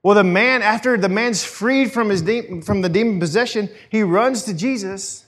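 Conversational, animated male preacher. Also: sits high, normal speed. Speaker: pastor. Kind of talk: sermon.

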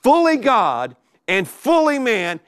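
A middle-aged pastor preaching a sermon to a live congregation, with animated delivery and emphatic repetition. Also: male voice, extremely high pitch, slow, smooth, no room sound, studio quality.

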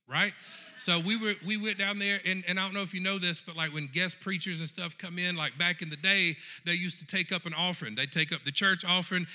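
A man preaching a sermon with a very bright, forceful tone that carries over the room. His pitch sits a little high for a man, and he keeps calling out to the congregation as he tells his story. He sounds middle-aged and fully animated in the pulpit. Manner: animated, addresses the congregation directly.

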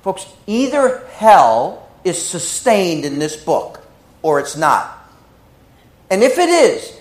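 A man preaching a sermon, telling stories with swings between hushed and loud delivery. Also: sits high, huge pitch swings, slow, echoey room, low-quality recording. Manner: emotional, dramatic storytelling with swings from hushed to loud. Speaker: pastor.

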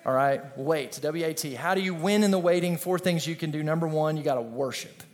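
A man pastor preaching an energetic, conversational sermon with call-and-response. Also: a little high, fairly quick.

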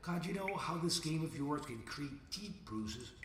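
Male podcaster, theatrical confessional monologue, fairly high voice, roomy distant sound. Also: animated, unhurried, a little hiss or hum. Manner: theatrical, swinging from booming to hushed. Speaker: podcast host. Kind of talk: dramatic spoken monologue addressed to God.

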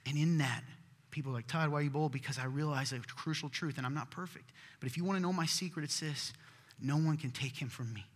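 A man preaching a sermon as pastor, earnest and emphatic, sometimes dropping to a hush. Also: mid-range voice. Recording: hall reverb.

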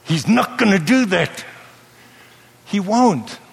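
A man preaching a sermon to a live audience in a lively, playful way, often checking that his listeners follow him. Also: high voice, slow, gravelly, husky. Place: church hall with a live audience. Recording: long hall reverb.

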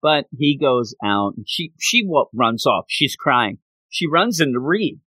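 A man casually retelling a story in an animated way with joking asides. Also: medium pitch, a little slow, no echo.

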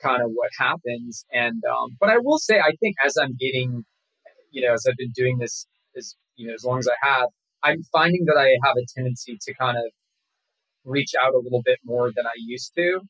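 Husky-voiced man in a relaxed interview. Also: medium pitch, fairly quick, no room sound, low-quality recording. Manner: relaxed, rambling, many fillers and restarts. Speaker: actor guest. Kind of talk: casual interview talk.

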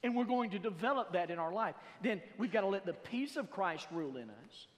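A man preaches a sermon from the pulpit. His fairly high voice drags slowly through scripture readings and then swells to loud emphasis. The sound rings with a long reverb in a large church. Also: animated. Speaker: pastor. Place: church sanctuary.

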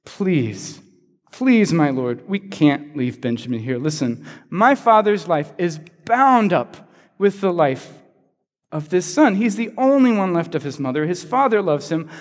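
A man putting on a lowered, softer voice as a grown brother begging for his youngest brother's release. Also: animated, measured pace, long reverb tail. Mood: pleading. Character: pleading grown man, desperate older brother.

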